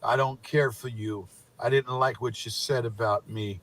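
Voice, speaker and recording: A man's voice: mid-range voice, steady tone, moderate pace, fairly bright tone. A man putting on a mocking voice as a rambling, repetitive internet troll. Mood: droning mockery. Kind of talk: mocking parody monologue.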